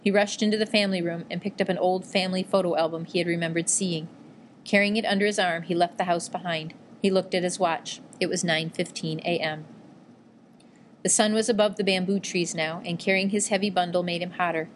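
A woman narrates an audiobook in a low, measured voice, her storytelling even and steady. A faint hiss sits in the background.

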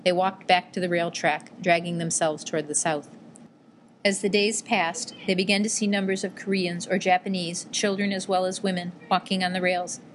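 In a calm, low register, a woman reads an audiobook with steady, even, measured narration, a faint hiss running beneath it.

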